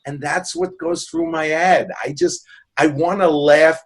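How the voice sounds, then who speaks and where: His voice is fairly high with a steady tone, and he speaks a little slowly. A man in his sixties from New York City, he's a guest in a casual interview, telling stories in an earnest, jokey, rambling way with frequent restarts.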